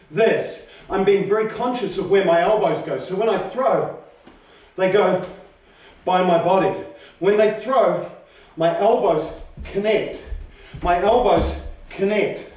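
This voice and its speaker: A man teaching a karate class, explaining technique and calling out sharp commands as he demonstrates. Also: high-pitched, a little hiss or hum. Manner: demonstrative, shouts sharp counting calls. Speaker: karate instructor. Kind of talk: teaching a martial arts class. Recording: roomy training hall, voice from far off.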